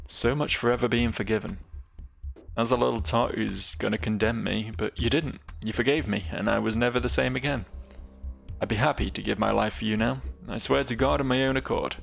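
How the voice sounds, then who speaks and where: Man reading as a gravelly repentant gang boss. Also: medium pitch, a bit bright. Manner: rough folksy speech, reading dialogue aloud.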